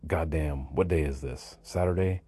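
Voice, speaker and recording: A man's voice: extremely low pitch, moderate pace, dark tone, a little hiss or hum. A man voicing a rowdy, drunk middle-aged biker who rambles profanely. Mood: boozy rambling.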